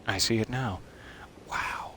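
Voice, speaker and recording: A man's voice: fairly low pitch, slow, bright, forceful tone, in a whisper. A man giving casual let's-play commentary, making wry joking asides to his viewers and sometimes dropping into a mutter. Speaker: streamer playing a video game.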